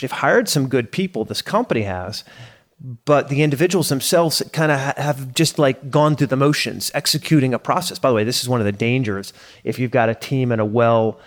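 A middle-aged man, a business coach, talking casually and energetically to his community, correcting himself and pushing points with emphatic bursts. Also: mid-range voice.

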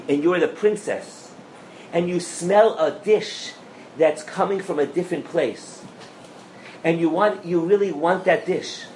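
Male rabbi, Torah class, animated, checks in with audience, slightly high voice, roomy hall mic. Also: slight background noise. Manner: animated, asks the audience questions, mixes in Hebrew and Yiddish terms. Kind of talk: lively Torah lecture to a live audience. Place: lecture room with an audience.

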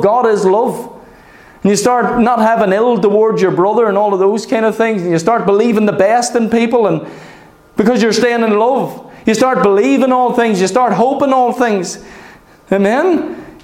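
A man preaching a sermon, animated and often asking "Amen?" of his congregation. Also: high voice, roomy sound, rough recording.

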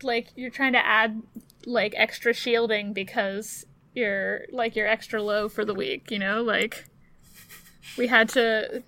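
Bright-voiced tired woman co-host. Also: on the high side, fairly even intonation, slow pace. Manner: rambling, laughs often. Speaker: podcast co-host. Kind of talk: casual chat.

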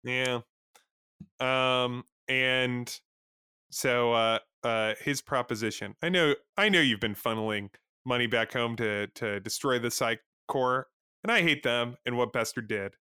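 A man's voice: medium pitch, measured pace, pushed and bright, smooth, no room sound, clean studio sound. A man co-hosting a podcast, recapping episodes in a rambling, filler-heavy casual chat and acting out lines. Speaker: podcast co-host.

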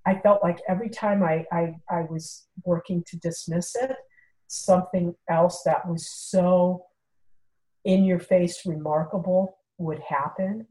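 A middle-aged woman tells a personal story in a casual, conversational way. Her voice sits a little low. She acts out the lines of the people she quotes, and her speech is full of fillers. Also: a little slow, poor audio. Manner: animated, acts out quoted dialogue, many fillers. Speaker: guest telling a personal story.

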